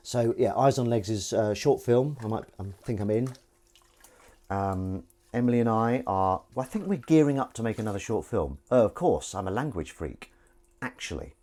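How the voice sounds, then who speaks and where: A man's voice: lowish voice, lively intonation, moderate pace, dark tone. A man with a Southern English accent hosting a casual livestream, rambling and joking while washing up and reading out chat messages. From England. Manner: rambling, jokey, reads chat aloud. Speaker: livestream host. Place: kitchen at a sink. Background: running water and clinking dishes.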